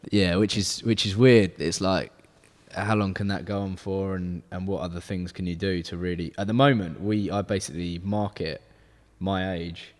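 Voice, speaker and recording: A man's voice: low-pitched, fairly even intonation, moderate pace, hardly any pauses. A man of twenty, hosting a casual podcast chat and rambling with lots of fillers and restarts. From England. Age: 20s. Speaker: podcast host, car detailing business owner. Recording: long hall reverb.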